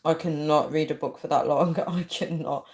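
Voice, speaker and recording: A woman's voice: low voice, fairly even intonation, normal speed. A young woman chatting casually on a livestream, reading out viewer comments and laughing often. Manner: laughs a lot, chatty, reads viewer names aloud. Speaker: livestream host.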